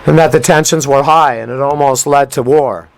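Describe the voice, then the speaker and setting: A man's voice: medium pitch, fairly even intonation, moderate pace, creaky, poor audio. A man hosting a talk radio show, commenting on a news clip in an emphatic, rambling way with rhyming asides. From United States.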